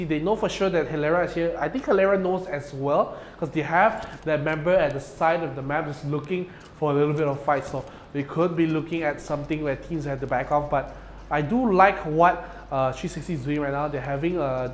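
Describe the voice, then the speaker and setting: A man casting an esports match live, with a fairly high voice. He talks in an excitable, chatty way, full of fillers. A faint hiss sits behind him. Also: fairly quick. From Malaysia. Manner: excitable, uses "lah" and "you know" fillers. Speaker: esports caster. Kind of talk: live game commentary.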